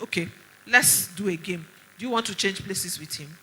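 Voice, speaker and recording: Nigerian lady doctor giving a conference talk, bright forceful voice, tells stories and fires off questions. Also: mid-range voice, normal speed, slightly rough, low-quality recording. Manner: animated storyteller with pointed rhetorical questions. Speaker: doctor speaking at a women's conference.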